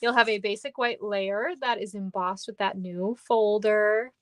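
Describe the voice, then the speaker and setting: A woman's voice: medium pitch, steady tone, unhurried, a bit bright, no echo. Upbeat, chatty woman teaching a card craft. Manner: chatty, upbeat, thanks viewers by name. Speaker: papercraft demonstrator. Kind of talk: live-stream craft tutorial.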